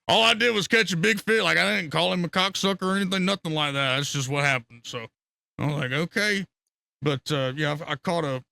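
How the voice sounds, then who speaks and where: A man telling fishing stories as a podcast guest, excitable and profane, laughing often. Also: fairly high pitch, vocal fry, dry recording. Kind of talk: casual storytelling.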